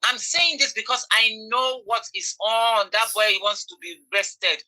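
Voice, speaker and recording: A woman with a Nigerian accent delivers impassioned commentary, driving each point home by repeating it. Her voice is strikingly bright and sharp. She pleads with her listeners and stays insistent throughout. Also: fairly high pitch, unhurried, low-quality recording. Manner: emphatic, repeats phrases. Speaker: online commentator.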